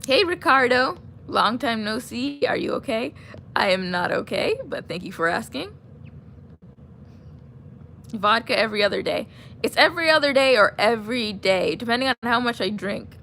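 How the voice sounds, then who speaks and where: Her voice is mid-range with vocal fry and a sharp tone, over slight background noise. This young woman rambles casually through a livestream, responding to viewer comments, wandering between topics, laughing, and leaving sentences unfinished.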